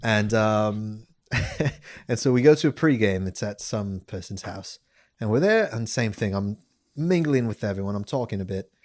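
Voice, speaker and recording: Podcast host, man, lively storyteller, pitch swings up and down a lot. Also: normal speed, dry recording, clean studio sound. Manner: animated, laughing, slips into a mock British accent for quotes. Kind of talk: casual storytelling chat.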